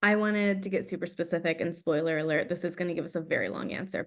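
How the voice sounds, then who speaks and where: A woman co-hosting a panel, speaking in a brisk, friendly casual way. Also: fairly low pitch, creaky. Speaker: host. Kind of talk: casual chat.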